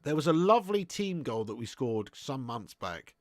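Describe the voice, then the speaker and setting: A man's voice: mid-range voice, big pitch swings, moderate pace, dry recording, studio quality. A young man hosting a live football watch-along, chatting casually, laughing often and answering viewers' comments.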